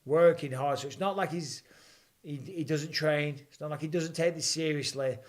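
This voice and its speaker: A man, hosting a live fight watch-along and calling the action with rising excitement. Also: fairly high pitch, moderate pace. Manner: excitable, rising for big moments. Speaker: host. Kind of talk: live fight commentary and chat.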